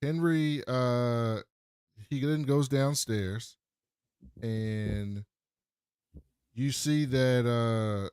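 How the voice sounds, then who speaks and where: A man co-hosting a podcast, retelling a TV episode in an animated way and acting out the quotes loudly. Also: mid-range voice, extremely slow, pauses often, clean tone, no echo, clean studio sound. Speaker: podcast co-host. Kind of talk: casual TV recap chat.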